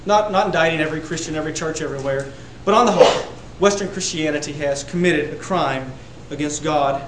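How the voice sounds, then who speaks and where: A man preaching a sermon to a congregation, building to loud emphatic peaks on repeated words. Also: on the high side, fairly quick, echoey room, heavy background noise. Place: church sanctuary.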